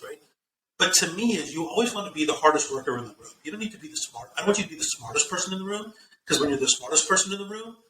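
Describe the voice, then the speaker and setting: A fast-talking man tells stories in an animated way, voicing the people in his anecdotes and often repeating words as he starts a thought. His voice is bright and forceful. He sounds a little far from the mic in a roomy space with a faint hum behind him. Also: on the high side. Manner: animated storyteller, acts out quoted dialogue, repeats words when starting. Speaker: guest, CEO and author. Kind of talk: interview.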